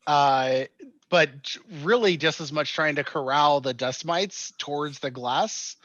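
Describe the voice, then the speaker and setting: A man's voice: on the high side, unhurried, a bit bright, no echo, lo-fi sound. A man playing in a tabletop game, describing what his character does and rolls in a casual way. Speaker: player.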